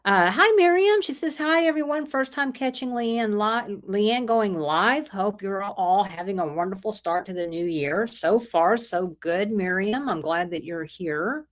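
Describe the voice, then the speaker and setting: Hosting a relaxed livestream despite a sore throat, a middle-aged woman speaks expressively in a mid-range voice, a little slowly and with hardly any pauses. She rambles chattily through viewer comments and greets viewers by name.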